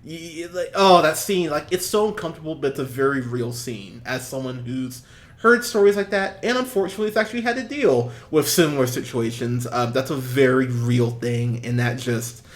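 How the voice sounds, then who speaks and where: A man co-hosting a movie review podcast in casual chat, animated, swinging between loud and soft and laughing often. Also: mid-range voice, fairly quick. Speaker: podcast co-host.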